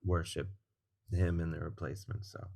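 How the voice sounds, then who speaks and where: A man with a fairly low voice spins a casual story as a podcast guest. He is animated and swears freely. He acts out the people he quotes. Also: moderate pace, gravelly. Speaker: guest comedian and musician.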